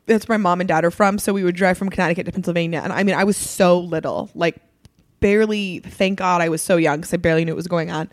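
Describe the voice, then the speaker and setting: A young woman in casual chat, chatty, reacting with quick asides and sharing her own stories. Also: lowish voice, fairly even intonation, no echo, studio quality.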